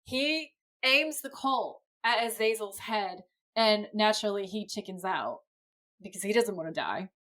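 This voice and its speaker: A woman talks through a TV episode beat by beat on a podcast, chatty and lively. Her delivery is relaxed and conversational, with the occasional swear dropped in. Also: mid-range voice, measured pace. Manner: lively play-by-play retelling, casual swearing. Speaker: podcast co-host. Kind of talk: casual episode recap.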